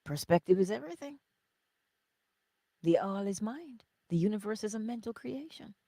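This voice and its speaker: Chatty middle-aged woman, mellow husky voice. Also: medium pitch, expressive, moderate pace, dry recording. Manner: chatty storytelling, drifts into soft whispers, laughs often. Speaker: host of a morning livestream. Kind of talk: casual spiritual chat to live viewers.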